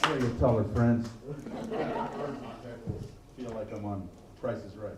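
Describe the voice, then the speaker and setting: A man's voice: on the low side, steady tone, takes it slowly, over a noisy crowd. A man headlining a stand-up comedy show, bantering with the audience in a dry, self-deprecating way. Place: comedy venue with live audience. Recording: echoey room, distant mic, background noise.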